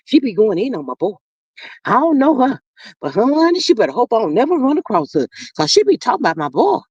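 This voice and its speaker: A wounded, indignant older mother protesting about her grown son, as a streamer puts her on. Her voice sits low, swings widely and sounds dramatic and aggrieved. The audio is dull, lo-fi and dry. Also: wildly swooping pitch, fast talker, a little mellow, slightly rough, no echo, full character voice.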